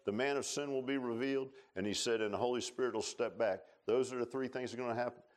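A man preaching a sermon in a church, telling stories in a folksy way and swinging between loud rises and quiet low passages. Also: steady tone, fast. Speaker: pastor. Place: church sanctuary.

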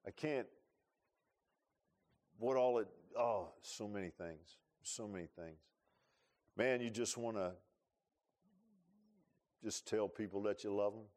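A male pastor preaching a sermon, repeating himself and swinging from quiet, confiding lines to loud, fervent peaks. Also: on the low side. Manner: repeats words and restarts, folksy asides.

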